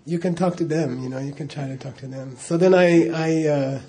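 Mellow-voiced man telling a rambling story. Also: a little high, fairly quick. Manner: rambling, chuckling, full of "you know" asides. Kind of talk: casual spoken anecdote.

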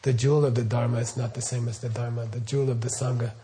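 Man, middle-aged, casual dharma talk, rambling, checks in with the room, average pitch. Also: flat delivery, fast talker, noisy background. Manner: rambling, asks listeners questions, frequent okay and right. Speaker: Buddhist teacher. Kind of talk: casual spoken teaching.

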